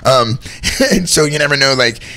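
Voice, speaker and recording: A man's voice: mid-range voice, lively intonation, normal speed, vocal fry, sharp tone. A man telling heartfelt personal stories in a casual conversation, earnest and rambling, often saying "man" and "like". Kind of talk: candid storytelling in conversation.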